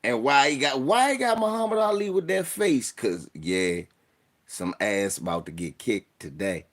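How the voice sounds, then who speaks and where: A young man hosting a casual livestream, telling stories with animated delivery and mock voices. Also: medium pitch, normal speed. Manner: animated storytelling, puts on voices and mock formal talk. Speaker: streamer host.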